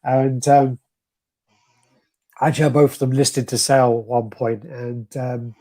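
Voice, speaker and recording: Guy hosting a chill collectibles stream, bit husky, curses a lot. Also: mid-range voice, flat delivery, measured pace, warm tone. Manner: laid-back, swears and laughs, reads out chat comments. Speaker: host. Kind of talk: casual live-stream chat.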